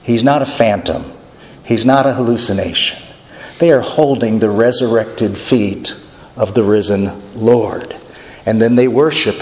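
A male pastor preaching an expressive sermon, swinging his voice up and down as he acts out the people in the story. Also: medium pitch. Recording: long reverb of a hall.

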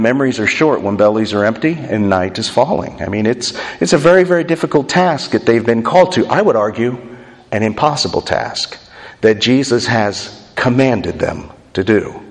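A man preaching an expository sermon. He slows down and sinks low and quiet on key words for emphasis. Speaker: pastor. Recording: long reverb of a large hall.

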